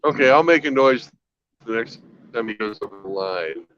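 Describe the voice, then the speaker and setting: A man's voice: medium pitch, animated, moderate pace, a bit bright, dull audio, a little hiss or hum. Bantering man hosting a livestream. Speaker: stream host. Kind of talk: casual chat.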